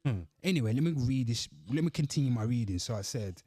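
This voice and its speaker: A man's voice: medium pitch, lively intonation, fast, warm tone, dry recording, studio quality. A man giving blunt, profane reaction commentary as a host, reading his own comments aloud.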